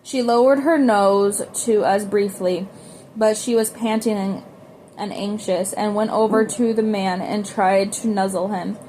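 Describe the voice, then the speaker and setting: A woman's voice: medium pitch, steady tone, measured pace, warm tone, a little hiss or hum. Woman reading a novel, with slips. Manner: unpolished reading with frequent slips and restarts. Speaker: audiobook reader.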